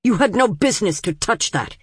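A woman's voice: medium pitch, lively intonation, brisk, husky, no echo, voice pushed up. A woman voicing a stern, dismissive older male city patriarch who speaks in a dry, clipped voice. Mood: cold. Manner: cold, curt pronouncements.

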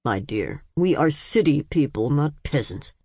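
Woman reader doing a snooty dry old dad, cold and curt, low voice in a dead quiet room. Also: animated, a little slow, slightly rough, no room sound, exaggerated voice. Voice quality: dry, clipped voice. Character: stern, dismissive, proud older male city patriarch.

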